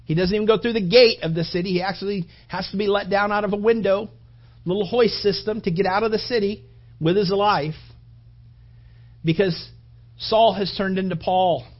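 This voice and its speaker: A man preaching a sermon with passion, his voice rising toward shouts and then dropping low. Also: fairly even intonation, moderate pace, highs cut off. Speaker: pastor.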